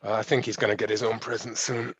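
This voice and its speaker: A man's voice: fairly low pitch, little pitch movement, fast, a bit bright, husky, no room sound. A man playing his character in a tabletop game, drawling and folksy, hesitant at times, on a dull lo-fi mic. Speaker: player. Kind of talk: in-character tabletop role-play.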